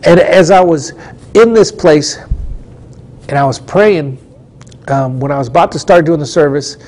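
A male preacher with a somewhat high voice tells a testimony in a studio. He speaks earnestly and drives his points home with emphatic repetition. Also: measured pace, darkish tone. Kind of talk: storytelling sermon testimony.

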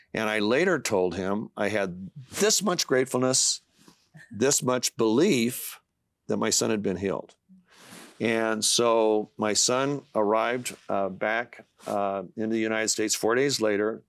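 A middle-aged man, a guest author, earnestly tells a personal faith story in an interview, often halting with fillers and restarts. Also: lowish voice, no echo, studio quality. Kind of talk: testimony in a talk-show interview.

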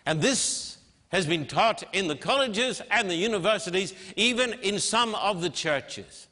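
A man preaching a sermon with emphatic, measured delivery and dramatic pauses. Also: sits high, expressive, pushed and bright. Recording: long hall reverb.

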